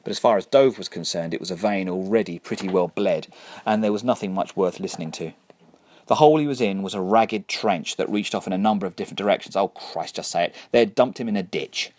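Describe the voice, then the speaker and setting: A man narrating a story in a dry, wry, measured way. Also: low-pitched, darkish tone. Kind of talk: scripted narration.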